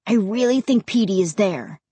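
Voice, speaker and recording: A woman voicing an eager, impatient boy in a storybook reading, speaking briskly. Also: medium pitch, animated, mellow, breathy edge, no echo.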